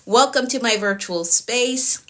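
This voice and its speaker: A middle-aged woman life coach hosting a casual livestream, upbeat, greeting viewers by name and repeating phrases, her voice getting a little hoarse. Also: fairly high pitch, measured pace.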